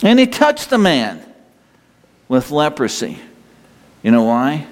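A man's voice: huge pitch swings, slow pace, long pauses. Earnest preacher man in a reverberant hall. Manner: earnest, repeats and restarts, swings up and down in pitch. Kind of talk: sermon. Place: church hall.

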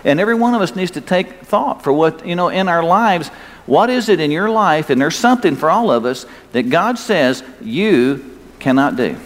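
In a church sanctuary with long hall reverb and faint ambience, an older male pastor preaches folksy and emphatic. His voice is fairly high and animated at normal speed, climbing on key points.

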